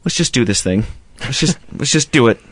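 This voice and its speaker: Expressive and fairly quick, a male radio host with a mid-range, somewhat bright voice launches into a profane anecdote during casual on-air chat. He voices both speakers on a phone call as he goes.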